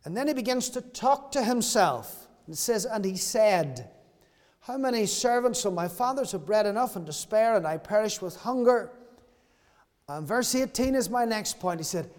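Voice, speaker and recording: Male preacher, high pitch, earnest and repetitive, recorded with long hall reverb. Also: animated, moderate pace, a little mellow. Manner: earnest, repeats key phrases for emphasis. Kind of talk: sermon.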